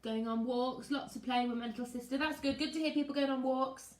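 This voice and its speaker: In a high-pitched voice that moves a little fast, a woman teaches her primary class on a live stream from her living room. She warmly greets pupils by name, reads out comments, and chats in a lively way before reading aloud, all in an echoey room.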